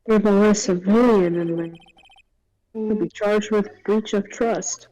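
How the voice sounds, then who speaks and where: A woman's voice: mid-range voice, steady tone, slow pace, warm tone, no room sound, close to an everyday voice, rough recording. A woman voicing a bumbling, good-natured male detective in a funny put-on voice for a game fan dub. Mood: explaining.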